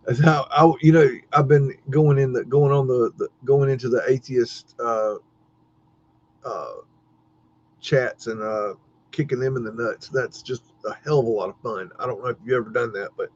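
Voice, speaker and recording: Over dull lo-fi stream audio, a male livestream host chats casually and rambles, laughing frequently and restarting often. He speaks at medium pitch with fairly even intonation and a moderate pace.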